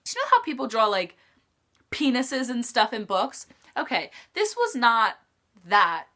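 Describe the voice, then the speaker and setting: Teenage girl, high voice, bright tone, chatty storytime vlogger, filler-heavy talk. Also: big pitch swings, unhurried. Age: teens. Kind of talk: casual storytime chat.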